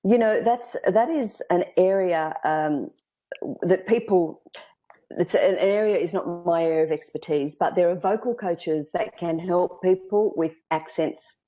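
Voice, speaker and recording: An Australian woman speaking as a public speaking coach, with a low, mellow voice. She talks lively and emphatic, acting out the thoughts of nervous speakers. The audio is dull and lo-fi, as from a video call. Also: measured pace. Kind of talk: interview guest advice.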